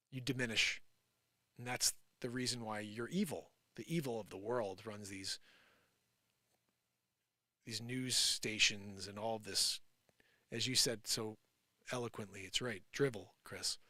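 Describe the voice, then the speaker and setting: A man hosting a live stream, ranting in an improvised and sarcastic way, swinging from loud outbursts to low muttering. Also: dry recording, studio quality. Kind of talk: improvised live opinion rant.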